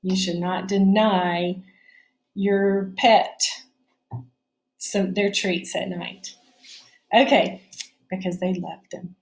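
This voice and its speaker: A woman's voice: mid-range voice, fairly even intonation, takes it slowly, long pauses, a little mellow. A middle-aged woman teaching a recorded phonics lesson from her home kitchen, talking patiently and checking in with her students often.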